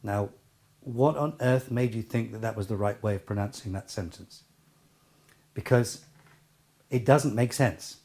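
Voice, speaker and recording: A man's voice: on the low side, unhurried, long pauses, darkish tone. A middle-aged man teaching a speech lesson, with an emphatic, theatrical delivery and playful asides. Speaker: speech and voice coach. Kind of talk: spoken lesson to camera.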